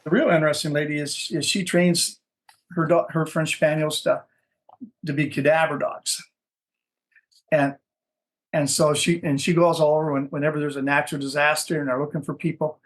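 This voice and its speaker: A man's voice: on the high side, level tone, normal speed. A man from Minnesota, a dog breeder, telling stories in a casual interview, rambling and repeating words as he searches for what to say.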